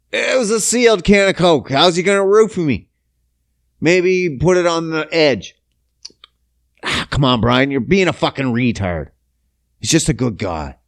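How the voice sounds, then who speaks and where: A man's voice: mid-range voice, vocal fry, dry recording, studio quality. A man, hosting a podcast and telling a crude, self-mocking comic story. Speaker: podcast host.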